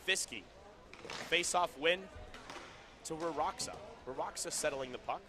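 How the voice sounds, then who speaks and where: A man giving casual, chatty play-by-play commentary at an indoor roller hockey rink, with quick bursts of excitement. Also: on the high side, music in the background. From Southern California.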